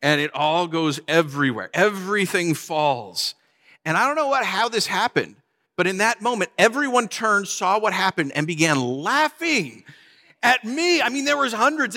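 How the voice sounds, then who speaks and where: A man preaching a sermon, telling a funny personal story with lively, animated delivery. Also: high-pitched, moderate pace. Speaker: pastor.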